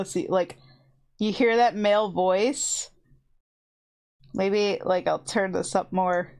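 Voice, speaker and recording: A woman streamer from her home computer setup, casually and excitedly telling ghost stories to her chat in a rambling way. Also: mid-range voice, takes it slowly, pauses often. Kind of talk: casual storytelling to a live chat. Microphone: desk mic with headphones on.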